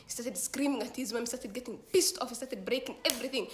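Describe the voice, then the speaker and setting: Speaking on the high side and a little fast, with hardly any pauses, a woman tells a slangy, lively story and performs the quoted lines herself. There is slight background noise.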